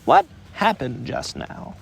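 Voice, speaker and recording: A man's voice: slow pace, a little hiss or hum, close to an everyday voice. A man voicing a fussy, self-important male rabbit in a storybook reading, speaking in a bossy, officious manner.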